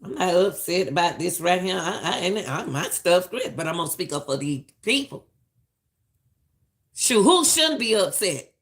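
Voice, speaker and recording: A woman's voice: lowish voice, moderate pace. A middle-aged woman giving emphatic, preachy live-stream commentary and repeating lines for stress.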